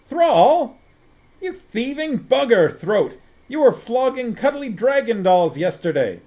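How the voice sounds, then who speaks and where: A man voicing an exasperated city-guard captain who shouts in fury. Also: very high-pitched, sing-song, slow, pitched above the performer's own voice, exaggerated voice. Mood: furious.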